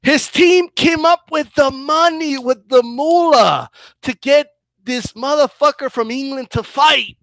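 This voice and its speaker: A man rants through heated boxing commentary, combative and profane, circling back to the same points. His voice sits high. The sound is dry and close. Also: unhurried, a bit bright, no room sound. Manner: combative, profane, repetitive ranting.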